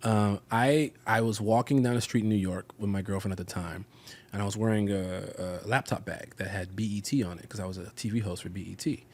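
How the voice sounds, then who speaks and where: Animated storytelling man from Chicago. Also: on the low side, a little fast. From Chicago, USA. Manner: animated, acts out quotes, laughs often. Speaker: guest actor. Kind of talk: casual interview storytelling.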